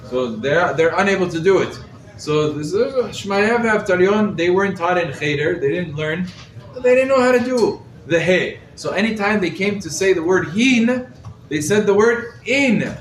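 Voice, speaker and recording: A man, a rabbi, giving a lively Torah class to a live group, quizzing his listeners and using Hebrew terms, recorded from across the room. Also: high voice, moderate pace. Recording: roomy echo, mic set far off, faint background noise.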